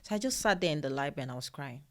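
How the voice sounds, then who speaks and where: A woman's voice: low voice, animated, rapid-fire. A woman from Nigeria, co-hosting a podcast, tells a personal story in casual conversation, earnest and often repeating phrases for emphasis. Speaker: podcast co-host. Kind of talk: casual chat.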